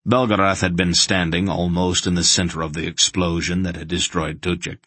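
A man narrating a fantasy audiobook in a dramatic, measured storytelling manner. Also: deep voice, little pitch movement, fairly bright tone, slightly rough, no echo.

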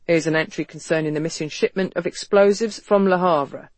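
A narrator voicing a quiet, controlled male agent who speaks low and matter-of-fact in an audiobook. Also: a little fast, no echo, close to an everyday voice. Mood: quiet, guarded. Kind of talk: audiobook character reading.

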